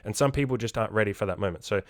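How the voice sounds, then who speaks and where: A man's voice: fairly low pitch, very fast, no echo, studio quality. A man hosting a self-improvement podcast, talking bluntly in a casual monologue, swearing freely and repeating words for emphasis.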